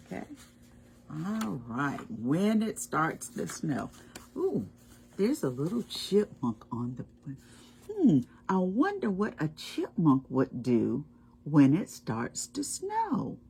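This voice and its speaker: Brief: woman children's storytime reader, low husky voice, unhurried. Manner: animated, asks children questions. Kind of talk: children's read-aloud.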